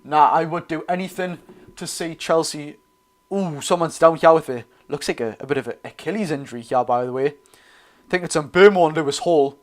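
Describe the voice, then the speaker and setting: Geordie lad doing live footy commentary, voice a bit on the high side, rambles and fixes his slips. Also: moderate pace. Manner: chatty, self-correcting, addresses viewers as lads. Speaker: football watchalong host. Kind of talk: live match commentary and chat.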